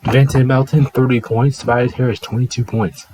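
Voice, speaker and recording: A man's voice: mid-range voice, little pitch movement, brisk, noisy background. A man hosting his own video, talking through sports results in a casual, offhand, chatty way.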